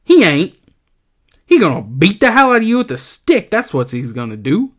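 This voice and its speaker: A man voicing a big imaginary rabbit that taunts and mocks loudly in a raised voice. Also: high-pitched, huge pitch swings, moderate pace, pitched above the performer's own voice, exaggerated voice. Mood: taunting. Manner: loud taunting mockery.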